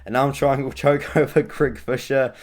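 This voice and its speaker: Young man, casual vlog host, mid pitch, chatty, rambling, filler-heavy. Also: steady tone, normal speed. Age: young adult. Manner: chatty, rambling, frequent ums and uhs. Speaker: MMA vlogger. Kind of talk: casual fight-prediction vlog.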